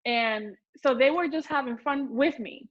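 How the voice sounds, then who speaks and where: Excited woman guest, high voice, loud and animated, slightly muffled call audio. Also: a little slow. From Puerto Rico heritage. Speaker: guest, home cooking video creator. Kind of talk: casual chat.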